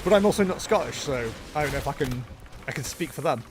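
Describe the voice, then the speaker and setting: In a noisy setting, a man streams a video game, chatting casually and tossing off self-deprecating jokes. His fairly high voice has lively intonation and a quick pace.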